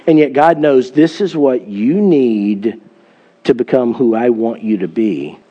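Man, pastor, middle-aged, earnest sermon, warm dark tone, muffled recording. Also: mid-range voice, unhurried. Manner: earnest storytelling, emphatic scripture reading.

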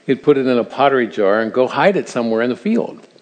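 Addressing grandparents at a church seminar, this older man talks fast and animatedly in a mid-range voice. He preaches earnestly through stories, laughing softly at his own side remarks, and the room has the long echo of a big hall.

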